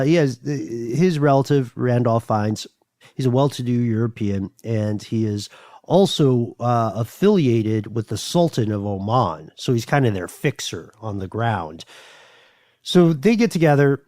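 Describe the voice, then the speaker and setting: A man's voice: medium pitch, a little mellow, dry recording. Podcast co-host guy, medium voice, rambly casual storytelling, dry studio sound. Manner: chatty, many fillers and restarts.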